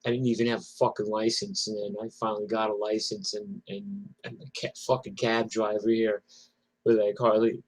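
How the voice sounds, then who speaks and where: A man's voice: fairly low pitch, flat delivery, brisk. A middle-aged man telling personal stories casually, profane and rambling. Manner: profane, rambling, lots of fillers. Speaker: storyteller.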